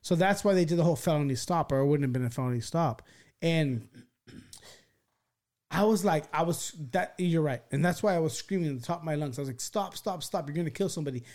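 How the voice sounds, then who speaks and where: On a podcast, a man whose voice is a little high rattles off a wild story fairly quickly. He rambles and swears, keeps restarting his sentences, and animatedly performs the quoted lines.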